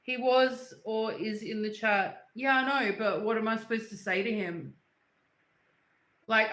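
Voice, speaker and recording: A young woman hosting a casual livestream speaks bluntly and angrily, swearing and repeating herself. Her voice is on the high side with a fairly bright tone, and the room is echoey.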